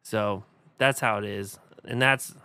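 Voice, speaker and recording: A man co-hosting a casual comedy podcast, cracking deadpan, absurd jokes. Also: on the low side, takes it slowly, clear, resonant tone, dry recording. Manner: deadpan, absurd joking with a laugh. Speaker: podcast co-host.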